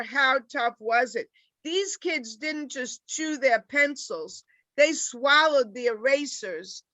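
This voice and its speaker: Bright-voiced older New York woman comic. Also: high-pitched, dry recording, poor audio. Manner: deadpan, rambling joke delivery. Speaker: stand-up comic. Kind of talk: stand-up comedy set on a video call.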